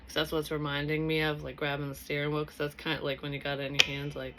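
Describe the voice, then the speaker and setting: A young woman gives a casual spoken tarot reading as a psychic medium, her low voice fast and monotone. She thinks aloud, circling back and restarting, swearing casually and never sounding scripted, with a faint hiss of noise behind her.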